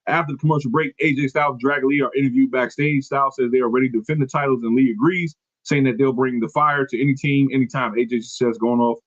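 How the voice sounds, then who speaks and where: A man's voice: mid-range voice, fairly even intonation, quick pace, few pauses, no room sound, muffled recording. A man hosting a podcast, recapping casually from his notes, rambling and correcting himself as he goes. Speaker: podcast host. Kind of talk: casual wrestling recap chat.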